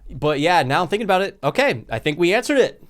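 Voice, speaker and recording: A man's voice: a little high, sing-song, fast talker, a bit bright. Easygoing man co-hosting a podcast. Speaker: podcast co-host. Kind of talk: casual film review chat.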